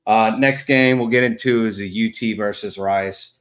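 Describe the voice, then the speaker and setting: Deep-voiced man trash-talking sports. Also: steady tone, normal speed. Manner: blunt, trash-talking, drawling with fillers. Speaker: podcast co-host. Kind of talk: casual sports chat.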